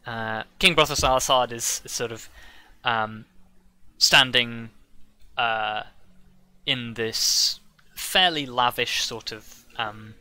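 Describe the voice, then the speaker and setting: A man narrating as game master of a tabletop game, halting often with fillers and restarts. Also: mid-range voice, bright, forceful tone, no echo.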